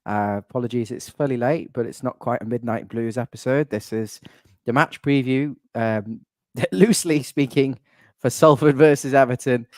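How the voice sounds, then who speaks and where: A man's voice: mid-range voice, moderate pace, darkish tone, dry recording, clean studio sound. A young man hosting a casual fan show, chatty and wry with rambling asides. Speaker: channel admin and host. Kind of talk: casual fan podcast chat.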